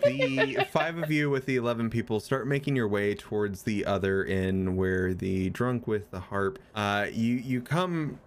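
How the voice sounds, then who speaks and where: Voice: mid-range voice, very animated, a little slow, few pauses. A game master narrating a tabletop game in a loose, chatty way full of fillers.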